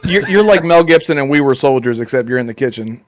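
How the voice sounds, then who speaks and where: A man's voice: mid-range voice, fast talker, no echo. A man guesting on a podcast in casual chat, joking around and slipping into mock voices. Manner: jokey, lively, slips into mock voices.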